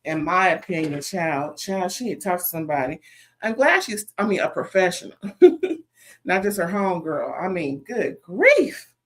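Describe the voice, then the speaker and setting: A woman's voice: on the low side, very animated, normal speed, fairly bright tone. A woman recapping a reality TV episode in a casual, chatty commentary full of sassy asides.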